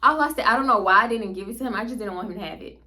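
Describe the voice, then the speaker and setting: A woman vlogger telling a story to her viewers in a casual, animated way, often laughing and speaking straight to them. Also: mid-range voice, rapid-fire.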